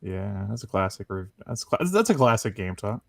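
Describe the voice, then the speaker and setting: A man co-hosts a gaming podcast and teases the others with playful jabs. His voice swings lively up and down. The sound is dry and close. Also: on the low side, moderate pace, creaky, no room sound. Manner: teasing, playful. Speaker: podcast co-host. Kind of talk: casual gaming podcast banter.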